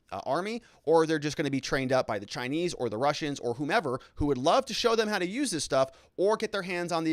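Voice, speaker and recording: A man's voice: mid-range voice, no echo, clean studio sound. A man hosting a live-stream show, reading viewer comments aloud and answering them in a chatty, unscripted way with frequent restarts.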